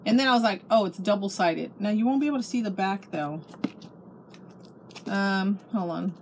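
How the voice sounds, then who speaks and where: At a normal speed and in a mid-range voice, a middle-aged woman gushes over a craft haul during a casual show-and-tell at home. She restarts her sentences now and then, and slight background noise is audible.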